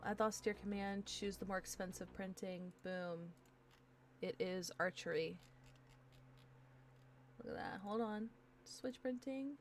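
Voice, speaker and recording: An excitable woman chatting to herself and her stream viewers while she builds a card game deck, with bursts of delight. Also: mid-range voice, a little slow, long pauses, a little hiss or hum. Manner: excitable, talks to herself while browsing cards. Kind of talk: casual live-stream deckbuilding chat.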